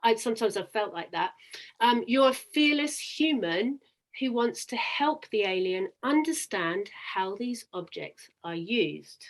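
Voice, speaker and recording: A woman's voice: fairly high pitch, expressive, unhurried. A woman presenting a teaching webinar over a video call, upbeat and guiding the talk with questions. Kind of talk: webinar presentation and demo dialogue.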